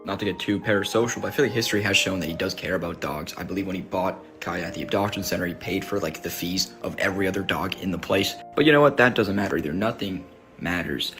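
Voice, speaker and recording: A man's voice: low-pitched, fast, fairly bright tone. A man giving casual video commentary in a dry, sarcastic, resigned way. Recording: clip with music behind.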